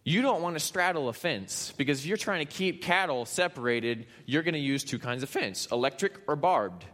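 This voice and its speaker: A man from Kansas preaching a sermon, retelling a story with animated, playful asides. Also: a little high, moderate pace, long reverb tail. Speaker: pastor.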